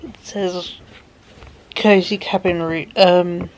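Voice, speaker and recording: A tired woman vlogging from home in a rambling, soft way that often drops to a whisper. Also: lowish voice, takes it slowly, vocal fry, a little hiss or hum. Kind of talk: casual chat to camera.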